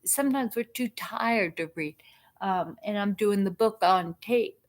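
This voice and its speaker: Woman host, unhurried and rambling, easy casual talk with many restarts. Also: medium pitch. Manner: rambling, repeats and restarts words, laughs often. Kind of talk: casual live-stream talk.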